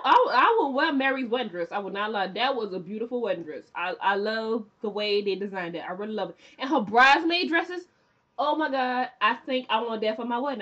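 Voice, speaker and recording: Chatty young woman recapping a show. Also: on the high side. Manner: chatty and animated, mimicking characters. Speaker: TV recap vlogger. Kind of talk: casual TV episode recap. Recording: dull lo-fi recording.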